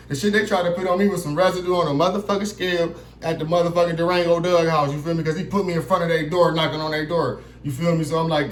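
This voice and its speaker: Man, casual storyteller, rapid delivery, slightly high voice, profane, acts out quotes. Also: steady tone. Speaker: vlogger telling a personal story. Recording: roomy echo.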